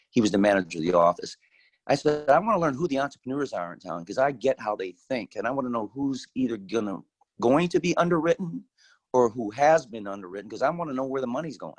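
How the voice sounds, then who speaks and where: Older male guest speaker, folksy and candid, mid-pitched voice, dry close mic. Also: dry recording, poor audio. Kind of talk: personal storytelling.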